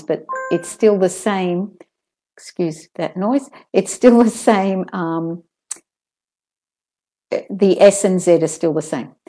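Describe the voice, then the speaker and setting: A woman teaching pronunciation in an online lesson, calmly drilling word pairs and sentences. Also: fairly low pitch. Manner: slow, careful drills with clear word pairs.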